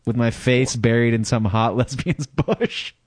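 A man's voice: medium pitch, a little slow, no echo, clean studio sound. A man co-hosting a raunchy comedy podcast, teasing and laughing through crude jokes. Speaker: podcast co-host.

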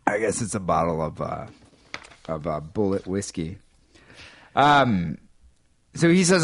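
A man's voice: deep voice, animated, unhurried, pauses often, dry recording. A man with a nasal voice hosting a casual podcast, chatting and reading listener emails aloud. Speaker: podcast host.

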